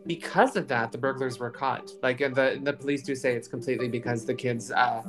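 A woman's voice: a bass voice, fairly even intonation, a little fast, over music. A woman co-hosting a podcast, chatting casually and retelling a news story, with many fillers. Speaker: podcast co-host.

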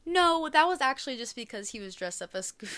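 A woman in her thirties hosts a podcast, telling a true crime story in casual chat on a shared single mic. Her high, fairly bright voice is very animated and brisk. She's chatty and giggly, leaning heavily on "literally" and "like."

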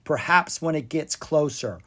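A calm, wise dragon speaks in steady, measured warnings, voiced by the narrator of a read-aloud storybook. The voice moves through a lively sweep of pitch, even while staying composed. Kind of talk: audiobook character reading.

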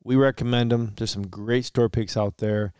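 Smooth low-voiced man, dry close mic. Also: steady tone, moderate pace, darkish tone, dry recording. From Michigan. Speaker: podcast co-host. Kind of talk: casual chat.

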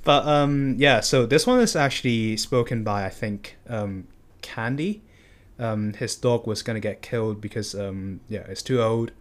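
A man's voice: mid-range voice, unhurried. A man in a casual book discussion, talking hesitantly with many fillers and restarts.

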